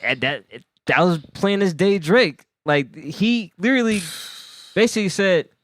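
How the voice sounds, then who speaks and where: A man co-hosting a podcast in casual chat, mostly giving short replies and quick remarks. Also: sits high, animated, a bit bright, dry recording, clean studio sound. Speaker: podcast co-host.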